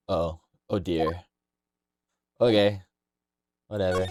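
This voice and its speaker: A man's voice: low-pitched, lively intonation, measured pace, gravelly, pauses often. A young man casually streaming a game, rambling playfully and reading lines aloud. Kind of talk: casual game-playing commentary. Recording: noisy home stream mic.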